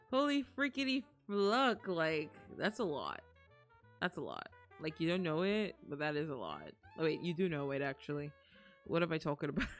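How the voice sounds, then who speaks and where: Animated, low-voiced young woman streamer. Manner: excitable, gasps and laughs often; rambling, restarts sentences. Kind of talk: casual live-stream chat.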